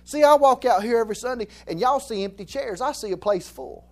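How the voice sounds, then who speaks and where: Southern-accented male pastor, high voice, casual preaching style that hammers key lines through repetition. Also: lively intonation, fairly quick. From Alabama, US. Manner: folksy, joking, repeats phrases for emphasis. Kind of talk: conversational sermon.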